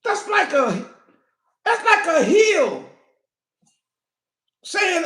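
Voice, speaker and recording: A woman preaching a fiery sermon, animated, often shouting and breaking into laughter. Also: very high-pitched, extremely slow. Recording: echoey room.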